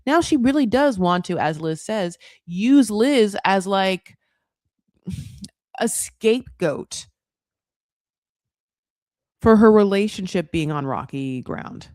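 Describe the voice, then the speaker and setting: Brief: chatty woman recap host, lively swooping pitch, profane and gossipy, dry close mic. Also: slow pace, long pauses, no echo. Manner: candid, profane, gossipy, with a lot of "like". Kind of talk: casual commentary.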